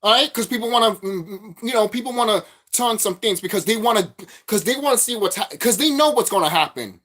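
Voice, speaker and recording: A man's voice: sits high, animated, fairly quick, a bit bright. A man vlogging a profane, repetitive spiritual rant, preaching straight at his viewers.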